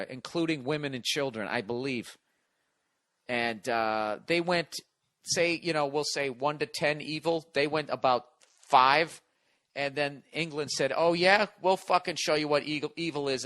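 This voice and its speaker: A man's voice: medium pitch, bright, forceful tone, no room sound, studio quality. A man in his forties hosting a podcast, rambling through a profane comedic monologue while on cold medicine and reading listener letters aloud. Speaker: podcast host.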